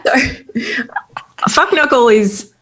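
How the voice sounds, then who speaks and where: A middle-aged Australian woman telling personal stories candidly in casual conversation, with quick asides. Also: a little high, animated, a bit bright. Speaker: guest.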